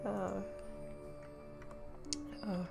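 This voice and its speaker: A young woman chatting casually on a livestream, tearful and laughing between words. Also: very slow. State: tearful, crying. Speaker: streamer. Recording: faint background music.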